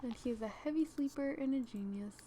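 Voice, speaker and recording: A woman's voice: sits high, fairly quick, warm tone, a little hiss or hum. A young woman chatting casually over a life-sim game, rambling and scatterbrained, talking to herself as she plays. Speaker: let's-play gamer. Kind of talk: casual gameplay commentary.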